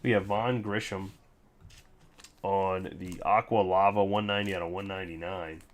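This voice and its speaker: A man's voice: sits low, steady tone. Sarcastic man rattling off names. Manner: rattles off player names in quick lists; sarcastic, ranting asides. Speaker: card break host. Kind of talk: casual livestream chat.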